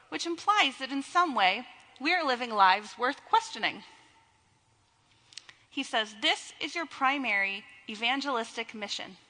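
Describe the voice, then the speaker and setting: A woman's voice: high-pitched, sharp tone. A young woman giving a sermon as a pastor, with playful, teasing asides to her congregation. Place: church sanctuary. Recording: long reverb of a church hall.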